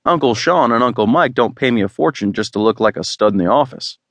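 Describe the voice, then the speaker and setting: A man's voice: medium pitch, expressive, quick pace, fairly bright tone, dry recording. A man doing a cocky teasing dad. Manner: teasing, boastful. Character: teasing middle-aged dad, cocky tech expert. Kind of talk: audiobook dialogue.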